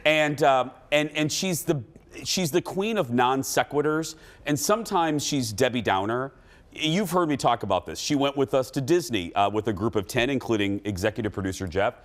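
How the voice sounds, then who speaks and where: Lively, animated male talk show host. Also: medium pitch, moderate pace. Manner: animated storytelling, acts out quotes. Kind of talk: casual chat.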